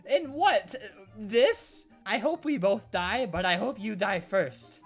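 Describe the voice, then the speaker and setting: A man's voice: high voice, lively intonation, takes it slowly, husky, faint music behind. A man giving joking gameplay commentary, playing at being sad and sarcastic and often breaking into laughter. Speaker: gaming commentator.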